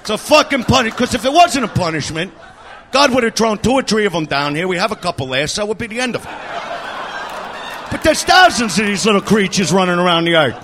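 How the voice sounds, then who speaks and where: A man doing a crude, aggressive stand-up rant with shouted bursts. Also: sits high, big pitch swings, fast, a little hiss or hum. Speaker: stand-up comedian. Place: comedy club stage.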